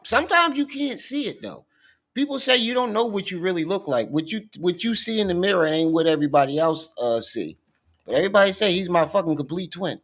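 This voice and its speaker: A man's voice: sits high, animated, brisk, fairly bright tone. A man hosting a livestream, reacting in a casual, joking and emotional way. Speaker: host.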